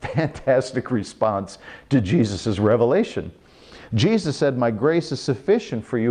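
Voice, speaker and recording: A man preaching a short Bible teaching in a lively way, acting out the quotes with big jumps in pitch.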